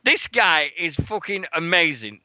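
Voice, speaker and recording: A British man hosting a wrestling radio show, telling a rambling, swear-filled anecdote and shouting out the quoted lines. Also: a little high, very animated, unhurried, dry recording. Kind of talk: casual storytelling chat.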